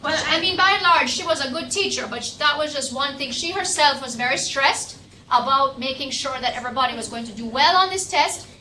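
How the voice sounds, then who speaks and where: A Jamaican woman with a high voice leads a classroom discussion, telling stories in an animated way. She is picked up from across an echoey room, with steady background noise. The sound is distant from the mic. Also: brisk. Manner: animated storyteller, lively when retelling scenes. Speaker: lecturer leading a class discussion.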